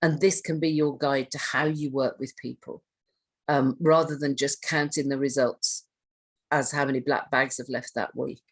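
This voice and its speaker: A woman with a low, husky voice gives a training talk. She speaks conversationally, puts questions to her listeners and often starts a phrase over. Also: flat delivery, moderate pace. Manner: conversational, asks the audience questions, restarts phrases. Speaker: trainer on hoarding and self-neglect. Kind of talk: training presentation.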